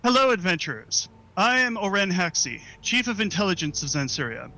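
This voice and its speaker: A man voicing a calm, formal male half-elf spymaster in a tabletop game, speaking in a measured, soothing way. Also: sits high, heavily acted, poor audio. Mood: smooth.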